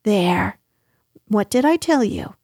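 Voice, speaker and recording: A woman's voice: mid-range voice, animated, slow, a little mellow, husky, dry recording, clean studio sound, heavily acted. A woman voicing a motherly female kangaroo in a storybook reading, soothing but firm.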